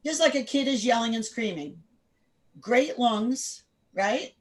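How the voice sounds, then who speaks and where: A woman's voice: a little high, lively intonation. Firm woman teaching over video call. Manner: quizzes the group with quick questions; direct, firm. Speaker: workshop instructor. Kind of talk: interactive online class.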